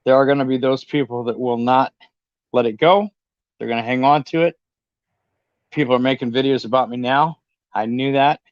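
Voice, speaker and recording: A man's voice: mid-range voice, fairly even intonation, normal speed, long pauses, no room sound. A man from California on a casual livestream chat, defensive and defiant, plain-spoken with some swearing. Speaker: guest on a livestream. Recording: dry, dull lo-fi stream audio.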